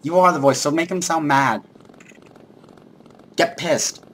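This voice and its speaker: A man co-hosting a let's play, giving casual, excitable gaming commentary full of jokes and shouts. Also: fairly high pitch, brisk, slight background noise.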